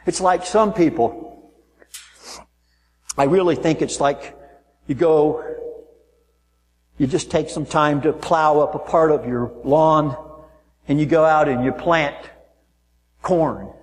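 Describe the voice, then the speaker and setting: Animated preacher man in a reverberant hall. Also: slow pace, long pauses. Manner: animated storytelling, mimics people in high voices. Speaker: pastor. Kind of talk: sermon. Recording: long reverb of a large hall.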